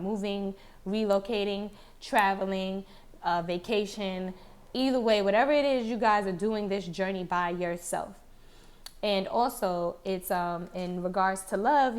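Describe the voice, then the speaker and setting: A chatty woman reads tarot cards straight to her viewers. Her voice sits at a middle pitch, and she circles back over the same phrases, breaking into exclamations and the odd curse along the way. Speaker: tarot card reader. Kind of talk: casual tarot reading to camera.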